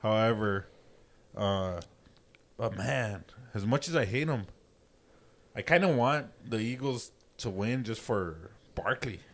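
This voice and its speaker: Excitable, swearing podcast man. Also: fairly low pitch, slow pace. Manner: loud, excitable, profane. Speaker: podcast co-host. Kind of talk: casual chat.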